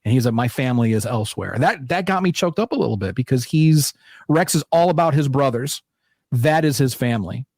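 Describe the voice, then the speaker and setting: A man co-hosting a casual fan podcast, talking in an animated, jokey and profane way. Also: fairly high pitch, fairly quick, no room sound, studio quality. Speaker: podcast co-host. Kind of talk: casual chat.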